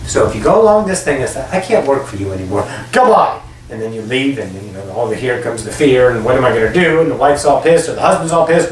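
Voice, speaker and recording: A man giving a channeled spiritual message, speaking as a collective "we", emphatic and repetitive, casual and blunt with some swearing. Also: high-pitched. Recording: roomy echo, distant from the mic, faint noise.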